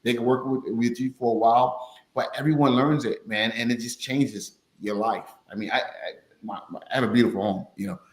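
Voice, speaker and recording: A man's voice: mid-range voice, fairly quick. Male guest, rambling storyteller, roomy echoey sound. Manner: rambling, repeats words, animated retelling. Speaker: podcast guest, finance course teacher. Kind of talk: casual storytelling chat. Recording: roomy echo.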